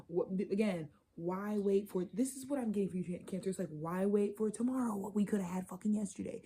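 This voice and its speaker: A woman giving a casual, channeled tarot reading to her viewers. She talks in a loose, profane, animated way. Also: medium pitch, fairly quick, hardly any pauses, husky. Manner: loose, profane, animated, slipping into quoted voices. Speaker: tarot reader.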